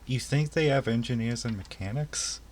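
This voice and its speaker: A man playing a tabletop game online, chatting casually and rambling with quick jokes. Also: mid-range voice, a crowd in the background. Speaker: tabletop player. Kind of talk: casual in-character game chat.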